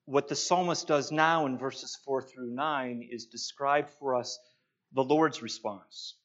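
A man preaching a sermon, slow and emphatic, pausing to stress his points. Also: mid-range voice, fairly bright tone. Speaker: pastor. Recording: dull lo-fi sound.

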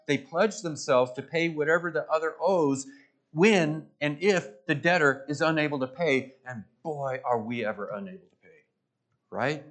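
A man's voice: mid-range voice, fairly bright tone. A man preaching a sermon, emphatic, swelling and dropping his voice and repeating phrases for stress. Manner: emphatic, rising and falling for stress.

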